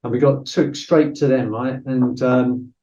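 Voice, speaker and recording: Bloke spinning a yarn on a podcast, mellow voice, kinda dull sound. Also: male voice, medium pitch, steady tone, measured pace. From Britain. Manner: anecdotal, acts out quoted voices, frequent fillers. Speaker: podcast guest, former soldier. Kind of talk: casual storytelling.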